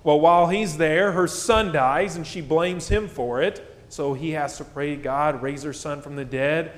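A man's voice: on the high side, fairly even intonation, normal speed. A male pastor preaching a sermon in a plain-spoken, conversational way, with casual asides as he explains. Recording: echoey church hall with long reverb.

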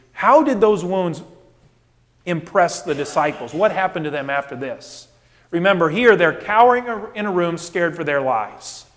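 High-voiced male preacher in a reverberant hall. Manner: emphatic, rhetorical questions, building intensity. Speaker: pastor. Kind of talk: sermon.

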